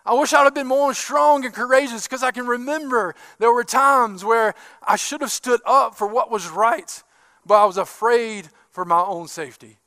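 A male pastor preaching a sermon, swinging from loud emphatic bursts to hushed, quiet asides. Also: very high voice, moderate pace, no room sound.

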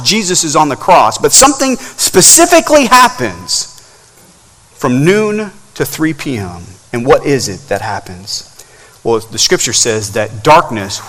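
A pastor preaching a sermon at a church service, swinging between loud emphatic climbs and soft low passages. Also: male voice, in a large hall, low-quality recording.

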